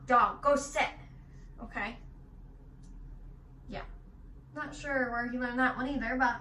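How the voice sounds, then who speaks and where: Young Michigan mom vlogger, bright and bold, chatty and animated storyteller, recorded at some distance in an echoey room. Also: female voice, on the high side, slight background noise. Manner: chatty, animated, swears casually. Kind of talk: casual storytelling while getting ready.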